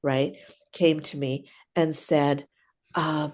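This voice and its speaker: A woman's voice: low-pitched, steady tone, slow, darkish tone. An older woman, a clown teacher, chatting animatedly through stories in an interview and often tagging her sentences with "right?". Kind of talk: casual storytelling interview.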